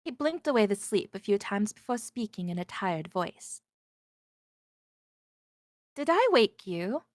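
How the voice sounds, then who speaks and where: A woman reading a visual novel aloud, narrating in the first person and voicing the heroine with a lively, wondering manner. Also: medium pitch, a little slow, no echo, studio quality.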